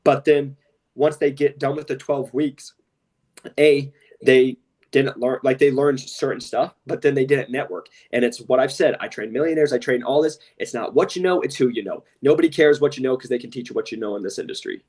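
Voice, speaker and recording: A man's voice: mid-range voice, fairly even intonation, moderate pace, a little mellow, far from the mic. Blunt, impassioned man on a podcast. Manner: blunt, impassioned, repeats "straight up" and "literally". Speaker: podcast co-host. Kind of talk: casual podcast talk.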